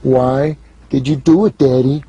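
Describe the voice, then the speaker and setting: Baby girl pleading with her dad, a man putting it on, hushed and slow, husky voice. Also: mid-range voice, steady tone, dry recording.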